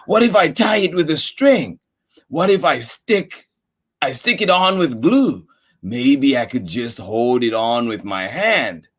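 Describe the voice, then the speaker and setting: Casting: proud, whiny boy god with an elephant head, read by a man, lively and a little husky. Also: medium pitch, slow pace, heavily acted. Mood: fretful.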